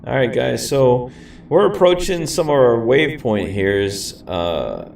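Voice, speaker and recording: A man's voice: medium pitch, sing-song, slow, creaky, darkish tone. A man giving casual, rambling commentary while flying a simulator, talking to his viewers. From grew up in a city. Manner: laid-back, rambling, says "man" and "guys". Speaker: flight sim streamer. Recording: echoey room, mic far off, faint hiss.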